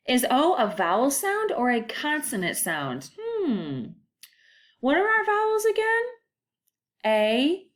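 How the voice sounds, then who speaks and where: A woman teacher leads a recorded phonics lesson at an unhurried pace. Her voice swings widely in pitch as she draws out each model word. She sounds patient and encouraging, in a sing-song classroom manner. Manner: slow, deliberate, with drawn-out model words.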